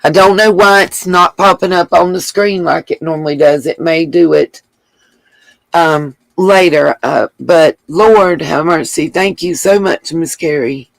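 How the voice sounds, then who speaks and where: A woman's voice: low-pitched, unhurried, gravelly, dry recording, poor audio. A woman hosting a casual livestream, reading viewer comments aloud and thanking them with gushing endearments. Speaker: livestream host.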